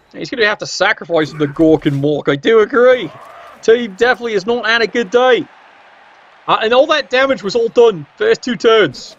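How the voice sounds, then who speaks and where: A man giving casual, wry commentary on a video game match and teasing the players. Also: high-pitched. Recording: dull lo-fi recording.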